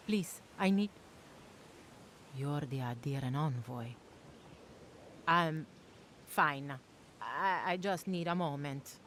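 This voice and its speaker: A woman's voice: deep voice, takes it slowly, long pauses, fairly bright tone, slight background noise. An actress playing a wary, proud young woman with a thick put-on Italian-style accent in a video game. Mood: curt. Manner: curt, then grudgingly thankful.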